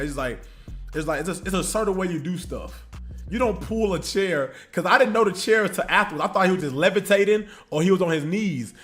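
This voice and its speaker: A man's voice: sits high, faint music behind. Slangy man telling a story on stream. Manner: animated, slangy, drawn-out asides. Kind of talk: casual storytelling on a livestream.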